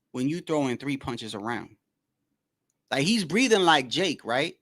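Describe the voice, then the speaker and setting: A man hosting his own boxing channel, talking in a loose, animated rant that stumbles, repeats itself and swears. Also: mid-range voice, unhurried, pauses often. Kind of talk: casual commentary.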